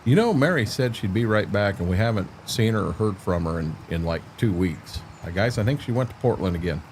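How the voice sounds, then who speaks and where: A man's voice: lowish voice, expressive, brisk, a little mellow, slight background noise. A man chatting casually on a livestream while playing a farming game, rambling in a folksy way to his viewers and his dog.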